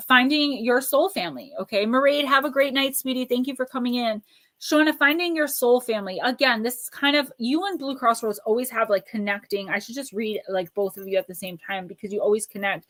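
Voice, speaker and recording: A woman hosting a live stream, chatting warmly with viewers and giving oracle card readings, slowing into a soothing cadence when she reads a card's message. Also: on the high side. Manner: chatty and affectionate, reads cards aloud in a slow soothing cadence.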